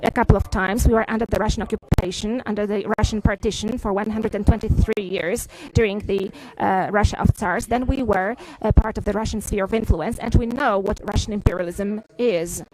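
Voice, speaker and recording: A woman giving a live interpretation of a formal press briefing, halting often with filler sounds and restarts. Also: medium pitch, steady tone, background noise.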